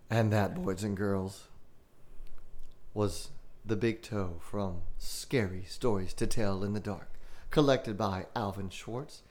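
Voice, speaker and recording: A man hosting a podcast, reading a children's scary story aloud in a slow, dramatic style. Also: on the low side, darkish tone. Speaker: podcast host.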